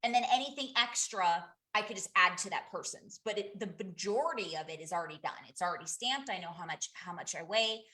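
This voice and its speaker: Woman in her thirties, team leader on a group call: chatty, candid, restarts often, bright forward tone. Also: fairly low pitch, a little fast, few pauses. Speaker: direct sales team leader. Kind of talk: casual group coaching call.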